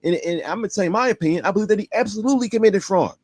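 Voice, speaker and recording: A man's voice: high voice, lively intonation, rapid-fire, a little mellow, no echo, studio quality. A man hosting a stream, indignantly commenting on a clip with pointed rhetorical questions. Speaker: stream host.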